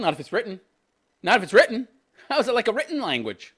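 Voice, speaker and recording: A man's voice: extremely high pitch, wildly swooping pitch, fast talker, pushed and bright, slightly rough. A man in his fifties reading a news story aloud and mocking it with crude, sarcastic jokes, laughing at his own lines. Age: 50s. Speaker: commentary channel host.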